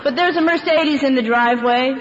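A woman's voice: sits high, brisk, some chatter behind. A woman speaking at a recovery meeting, telling her story candidly and laughing often as she goes. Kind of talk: personal testimony to a recovery meeting. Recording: echoey hall, dull lo-fi sound, faint background noise.

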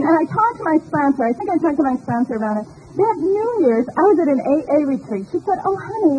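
A high-voiced woman in her sixties tells her personal story in a chatty, self-mocking way, full of fillers and quick asides. The recording sounds slightly dull, with a faint hiss underneath. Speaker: speaker sharing her recovery story. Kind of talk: personal testimony talk.

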